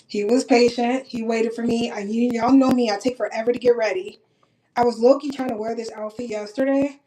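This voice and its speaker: A woman's voice: a little high, fairly quick, a little hiss or hum, poor audio. Blunt, profane young woman vlogger. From Minnesota. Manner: blunt, profane and animated, talks straight to viewers. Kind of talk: casual get-ready-with-me chat.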